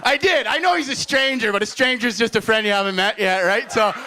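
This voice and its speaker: A young man from Alberta, a stand-up comic rambling nervously and excitably on stage, swearing and full of fillers. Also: high voice, a little fast, slight background noise. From Edmonton, Alberta, Canada. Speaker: stand-up comedian guest. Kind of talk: rambling storytelling on a live comedy show.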